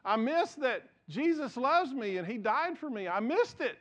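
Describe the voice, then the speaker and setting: High-voiced male pastor preaching. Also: very animated, moderate pace. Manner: earnest, repeats words while building points. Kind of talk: sermon.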